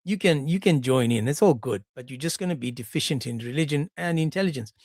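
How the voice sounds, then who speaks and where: A man's voice: on the high side, lively intonation, fast, a little mellow, dry recording. Sarcastic man ranting at a close mic. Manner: mocking, sarcastic, acts out quoted voices. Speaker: commentary channel host. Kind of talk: monologue commentary on a clip.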